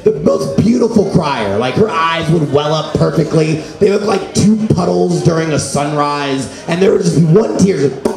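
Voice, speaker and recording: Rambling comic with a high-ish voice. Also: male voice, creaky. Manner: rambling, filler-heavy delivery. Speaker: stand-up comic. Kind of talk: stand-up comedy set. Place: small comedy venue with an audience. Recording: echoey room with audience noise.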